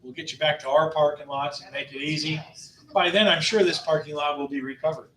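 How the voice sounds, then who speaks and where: Upbeat jokey guy in his 50s running a travel club meeting, a bit high voice, sounds far from the mic in a roomy hall. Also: fairly even intonation, fairly quick, very noisy. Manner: jokey, upbeat, laughs between announcements. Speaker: tour company host. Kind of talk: casual club presentation. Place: meeting room. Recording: echoey room from far off.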